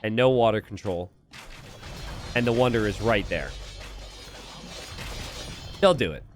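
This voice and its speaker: With soft music behind him, a man with a fairly low voice speaks unhurriedly. A streamer and game caster, he provides animated live commentary on a strategy game, laughing often and reading viewers' messages aloud as he talks directly to chat.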